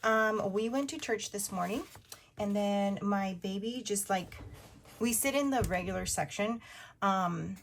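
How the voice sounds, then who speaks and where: A woman's voice: medium pitch, a little slow, a little hiss or hum. A woman in her thirties, a budgeting vlogger, chatting casually and upbeat with many fillers as she counts cash, at times whispering. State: partly whispering. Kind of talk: casual chatty narration over cash stuffing.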